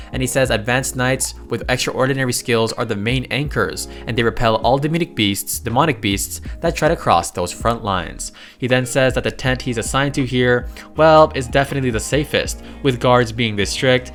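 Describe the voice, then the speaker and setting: A man's voice: medium pitch, fairly bright tone. A man casually narrating a comic-book recap, reading out the characters' lines and throwing in amused, chatty asides to the listener. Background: faint background music.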